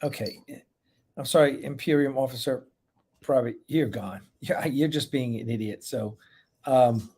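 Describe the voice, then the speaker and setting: A man's voice: medium pitch, unhurried, dark tone, slightly rough. A man hosting a casual live stream, chatting loosely, greeting viewers one by one by name and rambling between asides.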